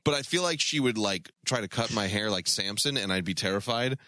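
Co-host, male, bright lively voice, jokey banter, dry close mic. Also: lowish voice, a little fast, no echo. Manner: joking, animated, laughs often. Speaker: podcast co-host. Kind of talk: casual banter.

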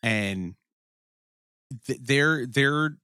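A man's voice: medium pitch, animated, drawn-out words, pushed and bright, clean tone, no echo. Male podcast co-host, casual and profane, rambling, dry close mic. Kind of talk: casual chat about a TV series.

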